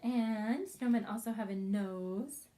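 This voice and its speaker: In a medium-pitched voice, a woman teaches preschoolers a craft, talking slowly, gently and supportively while the children follow along.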